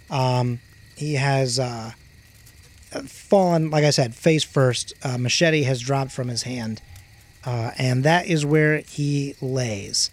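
A man narrating as game master of a tabletop game, full of hesitant ums and uhs. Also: on the high side.

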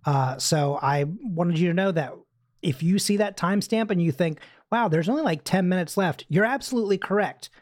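Chatty podcast host, mid-pitched. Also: expressive, a little mellow, no echo, studio quality. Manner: chatty, quick asides, frequent fillers. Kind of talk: casual chat recapping a TV episode.

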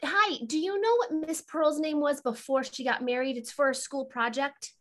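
A woman's voice: sits high, steady tone, normal speed, lightly acted. A woman voicing an eager, curious young schoolgirl in a tabletop game who asks many questions.

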